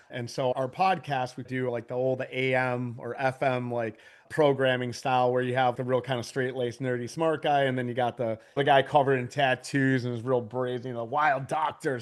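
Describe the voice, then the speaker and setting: Animated, laughing man telling stories. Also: mid-range voice. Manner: animated, laughs often, swears casually. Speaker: podcast guest, business owner. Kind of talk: casual storytelling.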